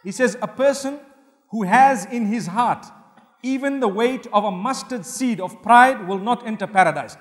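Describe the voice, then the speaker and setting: A male Islamic preacher giving a sermon lecture, earnest and humorous, swinging between loud emphasis and soft asides. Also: sits high. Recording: long hall reverb.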